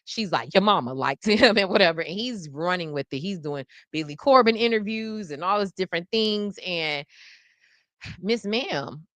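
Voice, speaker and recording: A woman's voice: fairly low pitch, lively intonation, moderate pace, fairly bright tone, no echo. A woman in her thirties hosting a live podcast, chatting casually and animatedly in slang and laughing often. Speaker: podcast host.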